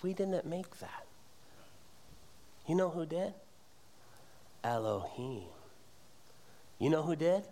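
A middle-aged man preaching a sermon in church, with animated delivery that climbs to emphatic peaks. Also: a little high, vocal fry. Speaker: pastor. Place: church sanctuary.

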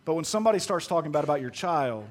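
A man's voice: on the high side, fast. A man preaching a sermon as pastor, telling stories with acted-out dialogue and asking the congregation questions. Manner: animated storytelling, acts out dialogue, asks the congregation questions. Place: church sanctuary.

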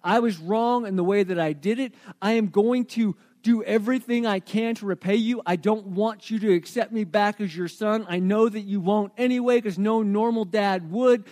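A preacher voicing a repentant young son. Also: male voice, sits high, moderate pace, hardly any pauses, darkish tone, lightly acted. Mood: earnest. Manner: earnest, pleading. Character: repentant young man rehearsing an apology.

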